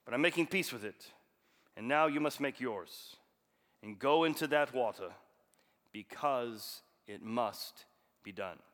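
A man putting on a mock Russian accent to play a stern Soviet official, loud and commanding. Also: medium pitch, lively intonation, a little slow, long pauses. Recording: long hall reverb.

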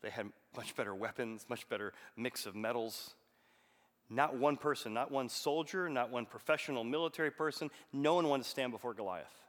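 A man preaching a sermon, telling a story and reading scripture aloud with bursts of loud emphasis. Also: medium pitch, normal speed. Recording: long hall reverb.

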